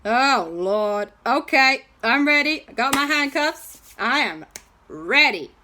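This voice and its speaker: A woman doing an eager, loud cop. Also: fairly high pitch, sing-song, normal speed, slight background noise. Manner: loud, keen, formal. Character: eager male police officer.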